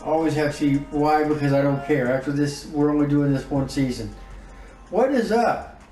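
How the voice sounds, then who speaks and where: A man giving casual commentary on his own game season, reacting out loud to each win and loss. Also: a little high, normal speed, echoey room, distant mic, soft background music, rough recording. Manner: emotive, groans and exclaims over results. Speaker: gaming YouTuber.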